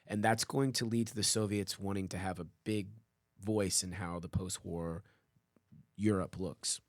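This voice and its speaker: A man's voice: sits low, steady tone, measured pace, dry recording, studio quality. A man co-hosting a history lesson podcast, explaining events thoughtfully and stepping back to frame the bigger picture. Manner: thoughtful, framing the big picture. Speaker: history teacher co-host.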